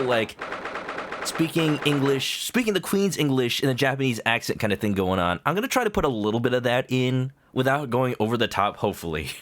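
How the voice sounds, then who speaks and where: A man's voice: mid-range voice, fairly bright tone. A young adult man streaming a game, chatting playfully as he reads along. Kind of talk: gameplay commentary.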